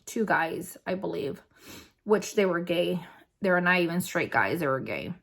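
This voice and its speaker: A woman's voice: mid-range voice, fairly bright tone. A young adult woman vlogger telling a personal story in a casual, rambling way, with lots of fillers. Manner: rambling, filler-heavy, conversational.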